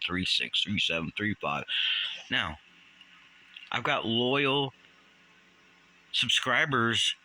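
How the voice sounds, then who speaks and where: Indignant sixty-something man ranting to camera. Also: poor audio. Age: 60s. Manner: animated, indignant, jumps up in pitch when outraged. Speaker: channel host. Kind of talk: ranting commentary vlog.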